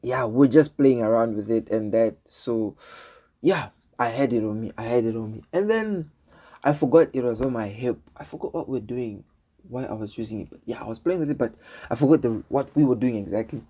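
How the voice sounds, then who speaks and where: A man's voice: medium pitch, fairly quick, dark tone, breathy edge, muffled recording. A young man casually telling a storytime vlog, rambling, repeating words and often asking "right?" as he acts out what people said. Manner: acts out dialogue in his retelling.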